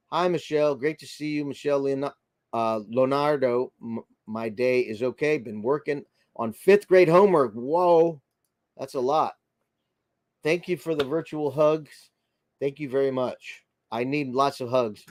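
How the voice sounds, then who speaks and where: This US-born livestream host has a fairly high yet darkish-toned voice, captured as clean studio sound without any room echo. He keeps the stream casual, naming viewers as he greets them and chatting through comments in a friendly, rambling manner.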